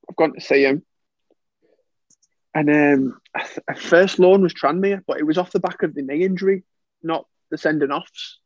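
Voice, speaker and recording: A young man with a fairly high voice recounts his playing days in relaxed podcast chat. He laughs easily and acts out quoted lines. The sound is dry and a little dull. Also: no echo. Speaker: former footballer guest.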